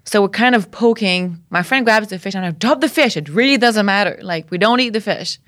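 A woman from Canada, a podcast guest, telling a story in a lively way, laughing often and acting out what people said. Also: medium pitch, brisk. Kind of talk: casual storytelling.

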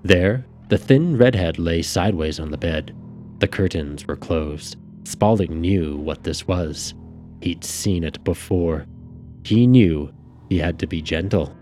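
Casting: male audiobook narrator, very low voice, measured delivery, faint music bed. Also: mellow.

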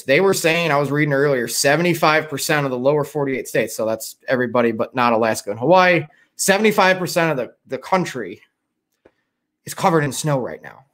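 Tired, swearing man streaming live. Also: fairly high pitch. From Chicago area. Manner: rambling, profane, tired. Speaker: livestream host. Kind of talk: casual livestream chat.

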